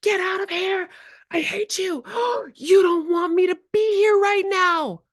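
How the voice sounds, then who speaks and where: A woman voicing an upset young child who shouts and protests. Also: extremely high pitch, takes it slowly, pitched above the performer's own voice. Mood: angry. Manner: loud and emphatic.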